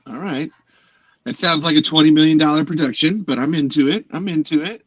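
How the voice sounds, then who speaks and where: A man's voice: a little high, brisk, a bit bright, no room sound, dull audio. A man hosting a casual chat show, joking and swearing, who now and then slips into silly put-on voices. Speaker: podcast host.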